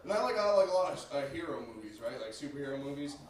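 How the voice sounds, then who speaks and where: A man's voice: a little high, big pitch swings, racing. Brash young man doing stand-up. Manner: brash, profane, crowd-addressing. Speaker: stand-up comedian. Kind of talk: stand-up comedy set. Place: comedy club stage. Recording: echoey club, mic far off.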